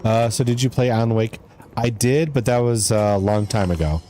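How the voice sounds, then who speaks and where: A man's voice: mid-range voice, steady tone, normal speed, mellow, a little hiss or hum. A man streaming a game live, chatting casually with his viewers and reading in-game letters aloud.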